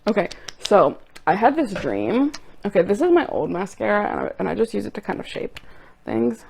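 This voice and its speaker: Chatty rambling young woman with lively pitch. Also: moderate pace, vocal fry, breathy edge. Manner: chatty, tangent-prone, giggly storytelling. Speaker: cosplay makeup vlogger. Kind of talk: rambling casual chat while doing makeup.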